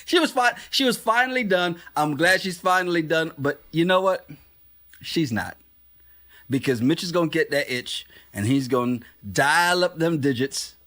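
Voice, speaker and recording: A man co-hosts a podcast, casually recapping a reality show, often laughing and acting out quotes. His voice is slightly high and a bit bright, animated, at a moderate pace.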